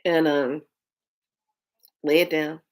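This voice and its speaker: A woman with a low, deep-set voice tells a personal story straight to her viewers. She talks candidly and emotionally and swears freely as she goes. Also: flat delivery, slow. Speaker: vlogger.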